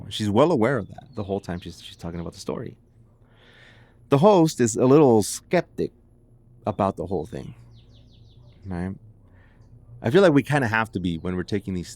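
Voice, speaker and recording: A man's voice: on the low side, darkish tone. A man hosting a podcast, retelling a case in a casual, chatty way full of "like"s and restarts. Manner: chatty, filler-heavy with many "like"s and restarts. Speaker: podcast host. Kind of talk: casual storytelling narration.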